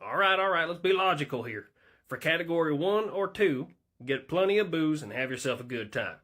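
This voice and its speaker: A man voicing a rowdy, carefree Florida man, loud and laughing. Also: on the high side, expressive, a little fast, voice pushed up.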